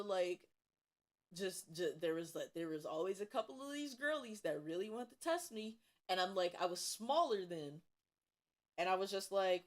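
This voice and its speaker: A young woman from Cincinnati, streaming while she draws, tells school stories in a casual, profane, animated way with bursts of laughter. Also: mid-range voice. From Cincinnati, USA. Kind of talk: casual storytelling while drawing.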